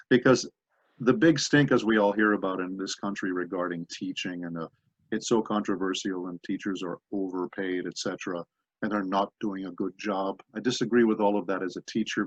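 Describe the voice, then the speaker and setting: A man's voice: low-pitched, slightly rough, no room sound. A man voice actor in an interview, telling rambling anecdotes full of asides. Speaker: voice actor guest. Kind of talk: interview conversation. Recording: dull dry lo-fi audio.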